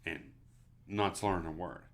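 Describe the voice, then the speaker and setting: A man's voice: deep voice, fairly even intonation, normal speed, fairly bright tone. A middle-aged man from the American South with a Pittsburgh accent, co-hosting a casual podcast and telling rambling stories that trail off mid-sentence. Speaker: podcast co-host. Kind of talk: casual chat.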